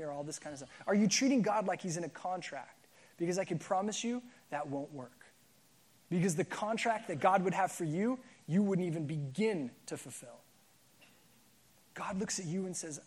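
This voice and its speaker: A man preaching a sermon as pastor, telling a story in a relaxed, conversational way with frequent fillers and restarts. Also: sits high, moderate pace.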